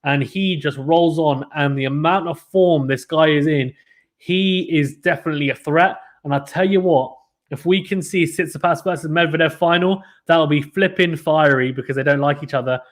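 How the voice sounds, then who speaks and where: A man commentating a live tennis watchalong stream, chatting casually and reading out viewer comments between points. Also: a little high.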